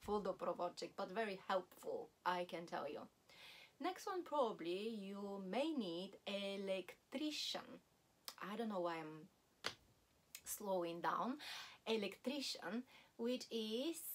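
Slow-paced woman teaching vocabulary. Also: mid-range voice. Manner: slow, deliberate, repeats words for practice. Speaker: language teacher. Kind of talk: language lesson.

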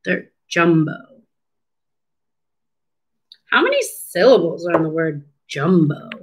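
A woman's voice: fairly low pitch, huge pitch swings, a little mellow, slightly rough. A woman, a speech therapist, reading a picture book to children and asking them encouraging questions. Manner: slow, encouraging, asks the listener questions. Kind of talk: children's storybook read-aloud lesson.

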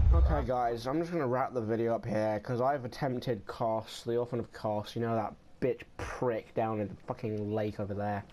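A man giving gameplay commentary, getting frustrated, swearing a lot and yelling in bursts. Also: medium pitch, steady tone, normal speed, hardly any pauses, muffled recording. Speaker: gamer. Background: game music.

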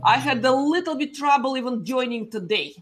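A woman's voice: high voice, animated, brisk, slight background noise. A woman with a Russian accent joining a panel over a video call, playful and teasing, tagging her sentences with "okay?". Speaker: panel guest. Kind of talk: casual panel chat.

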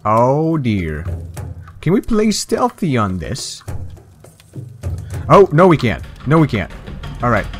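A young man in casual gaming commentary who turns the game into a playful mock story. His pitch swings widely as he jokes, and faint music plays under him. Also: wildly swooping pitch, slow pace, long pauses. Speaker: gaming video host. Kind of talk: casual let's-play commentary.

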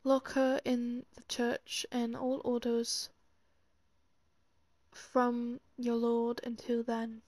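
A woman reading out a villain's written orders in a put-on British accent, slow, half-whispered and mock-ominous. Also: fairly high pitch, monotone, darkish tone, no echo.

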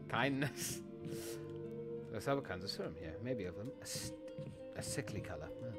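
A man's voice: medium pitch, animated, unhurried, music in the background. A man chatting while streaming a game, rambling, swearing and laughing often as he thanks viewers. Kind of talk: live gameplay stream chat.

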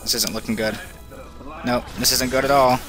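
A man giving casual, excitable commentary while playing a video game, talking to the character on screen and swinging between groans and cheers. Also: mid-range voice, moderate pace. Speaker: let's play commentator. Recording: game music playing loud behind voice. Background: game music.

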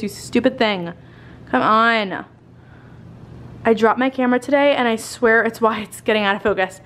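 Bubbly, tired young woman vlogger. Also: fairly high pitch. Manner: bubbly, rambling, swears casually. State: tired, a bit out of breath. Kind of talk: casual chatty home tour. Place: at home indoors.

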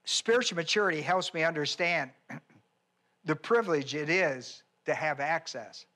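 A man's voice: on the high side, normal speed, sharp tone. Folksy, emphatic male preacher. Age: older. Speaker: pastor. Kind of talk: sermon.

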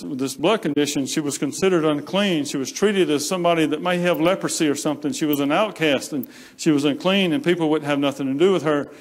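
Male preacher, storytelling sermon, slightly high pitch, echoing sanctuary. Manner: plain storytelling, acts out quoted voices, repeats phrases. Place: church sanctuary. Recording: long hall reverb.

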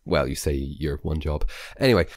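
A man's voice: extremely low pitch, normal speed, no room sound. A man co-hosting a board game news podcast, presenting stories in a dry, matter-of-fact way. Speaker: podcast co-host. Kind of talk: casual news podcast chat.

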